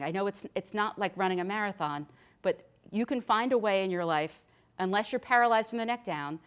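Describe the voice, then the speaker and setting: A middle-aged woman nurse practitioner giving a chatty, practical health lecture. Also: medium pitch. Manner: chatty and practical, with frequent restarts. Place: hospital lecture room.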